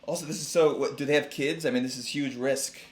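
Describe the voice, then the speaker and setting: A man's voice: mid-range voice, fairly even intonation, fast, roomy sound. A man co-hosting a comedy podcast, reading a children's book aloud and mocking it with sarcastic asides. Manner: sarcastic, reads aloud in mock voices. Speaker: podcast co-host.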